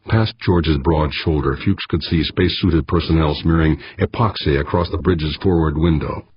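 Very deep, raspy male narrator, even audiobook read, slightly dull sound. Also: normal speed, few pauses, no room sound. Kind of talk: scripted narration.

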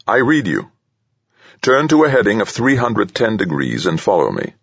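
A man's voice: lowish voice, wildly swooping pitch, normal speed, gravelly, breathy edge, dry recording, muffled recording, pitched above the performer's own voice, heavily acted. A man voicing a tense female air force colonel pilot, clipped and urgent.

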